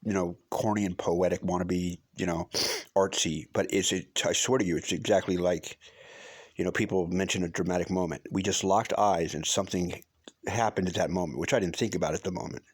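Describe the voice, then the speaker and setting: Deep-voiced man telling a rambling story. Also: fairly even intonation, a little fast, breathy edge, dry recording. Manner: rambling, with many restarts and fillers; earnest, swears for emphasis. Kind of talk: casual personal storytelling.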